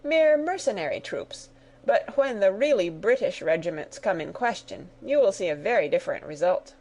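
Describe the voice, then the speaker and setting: A woman's voice: medium pitch, expressive, moderate pace, a little mellow. A woman voicing a blustering, condescending British colonel in a read-aloud story. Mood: indignant. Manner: indignant, condescending.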